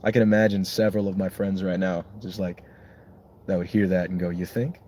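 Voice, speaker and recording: A young man with a lowish voice rambles casually. He swears a lot and jokes at his own expense. He comes across as a songwriter talking loosely between takes. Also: flat delivery, a little fast, a little mellow, a little hiss or hum. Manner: profane, self-mocking, rambling.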